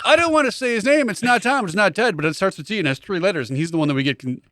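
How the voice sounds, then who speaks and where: A man's voice: high voice, rapid-fire, a bit bright, no room sound. A man co-hosting a comedy podcast, trading wry jokes in casual chat. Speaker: podcast co-host.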